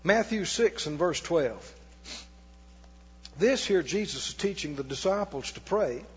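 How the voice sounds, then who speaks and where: A man's voice: high-pitched, expressive, measured pace, breathy edge. A man preaching a sermon as pastor in a church, with folksy turns of phrase and call-and-response with the congregation. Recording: dull lo-fi with long hall reverb.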